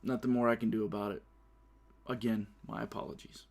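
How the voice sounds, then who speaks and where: A man's voice: on the low side, level tone, a little fast, gravelly, a little mellow. A man hosting his own casual talk show, brash and profane, often laughing through his stories. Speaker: podcast host. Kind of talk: casual solo show commentary.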